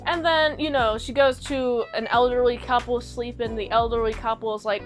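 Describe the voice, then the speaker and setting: A woman's voice: fairly high pitch, moderate pace, few pauses, soft background music. A young woman casually recapping and reviewing a TV episode, chatty and rambling. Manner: chatty, rambling, animated retelling.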